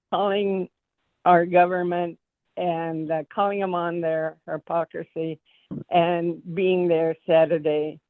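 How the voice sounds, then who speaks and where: A woman's voice: fairly low pitch, dry recording. A woman in the audience asking an earnest, insistent question. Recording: tinny dry phone line.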